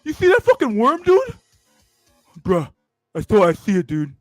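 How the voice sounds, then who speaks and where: A man's voice: high voice, wildly swooping pitch, normal speed, no room sound, faint music behind, voice pushed up. A man voicing a dim-witted, eager male fish who talks like a bro and keeps saying "bruh" and "dude.". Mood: hyped, excited. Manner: repeats "bruh" and "dude" constantly.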